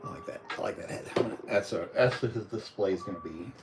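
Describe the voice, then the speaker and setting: A man's voice: on the low side, a little fast, loud music behind the voice, low-quality recording. A man casually reviewing toys on a live stream, rambling and chatty with lots of fillers. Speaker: toy reviewer.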